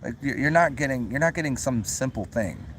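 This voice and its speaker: A young man hosts a livestream in a mid-range voice, talking briskly and animatedly, with a little hiss or hum on the audio. He chats casually, reads out comments, rambles with many restarts, laughs often, and swears freely.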